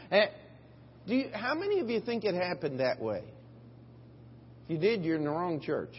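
A male pastor preaching a sermon, retelling a Bible story in a folksy, animated way and acting out the voices. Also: extremely high pitch, slightly rough. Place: church sanctuary. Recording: dull lo-fi church recording with long reverb.

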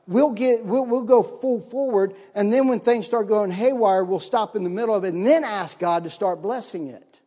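Middle-aged male preacher, high voice, animated storyteller, sermon in a reverberant church hall. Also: moderate pace, hardly any pauses. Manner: animated, acts out his own panic in higher voice. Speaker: missionary pastor.

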